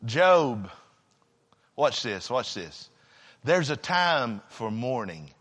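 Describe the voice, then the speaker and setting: A man preaching a sermon. He swings between shouting and hushed, near-whispered passages. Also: medium pitch, very animated, drawn-out words, big-room sound.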